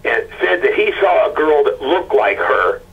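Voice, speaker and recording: Husky man, halting. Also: fairly high pitch, sing-song, narrow, tinny audio. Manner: halting, stammering retelling with quoted dialogue. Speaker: husband of a missing woman, interview guest. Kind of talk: emotional personal account.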